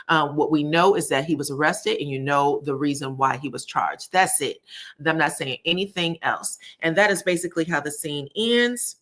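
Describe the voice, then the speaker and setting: A married woman recapping reality TV episodes on a live stream, chatting casually, calling viewers honey and baby, and acting out quotes from the scenes. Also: a little fast. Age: adult, married. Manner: acts out quotes from the scenes with lively pitch jumps.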